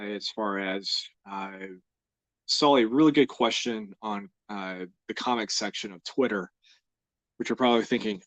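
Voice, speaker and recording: A man's voice: lowish voice, dry recording. A young American man hosting a live drawing stream, chatting in a rambling, easygoing way with lots of fillers and small laughs. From United States. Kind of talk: casual live-stream chat.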